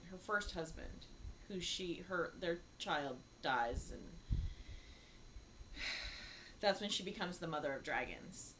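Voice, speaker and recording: A woman in her fifties co-hosting a casual chat, laughing often and acting out quotes with big jumps in pitch. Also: lively intonation, slow, pauses often, noisy background. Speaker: podcast co-host.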